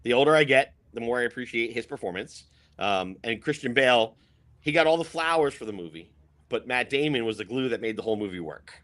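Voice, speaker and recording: A man's voice: medium pitch, animated, a little fast, fairly bright tone. A man co-hosting a beer podcast, upbeat in casual chat as he runs through a list. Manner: upbeat, laughs easily, lists picks. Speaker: podcast co-host.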